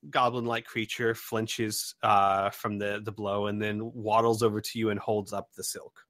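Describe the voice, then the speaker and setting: A man's voice: lowish voice, little pitch movement, normal speed, fairly bright tone, no echo, studio quality. A man narrating as game master, describing scenes with many ums and restarts. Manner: rambling narration with many fillers.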